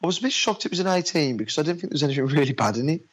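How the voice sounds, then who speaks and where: A man's voice: on the high side, expressive, slightly rough, rough recording. Chatty man casually swapping film opinions. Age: adult with a daughter. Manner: chatty, uses "mate", acts out anecdotes in quick voices. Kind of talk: casual chat.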